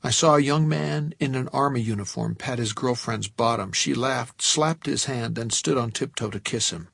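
Man, audiobook narration, gravelly, husky, dry close sound, measured first-person telling. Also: mid-range voice, a bit bright, dry recording.

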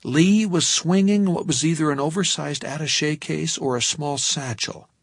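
A man narrating a novel in the first person, measured and tense. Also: a little high, no echo, clean studio sound. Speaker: audiobook narrator.

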